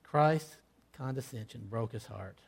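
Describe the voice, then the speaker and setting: A man preaching a sermon, acting out scripture dialogue, with loud emphatic peaks that fall to hushed, low line endings. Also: unhurried, creaky, husky. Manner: acts out quoted lines in old-fashioned scripture wording.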